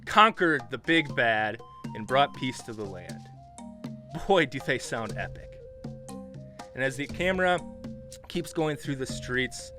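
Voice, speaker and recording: A man narrating a tabletop game as dungeon master, in a lively, casual way. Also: medium pitch.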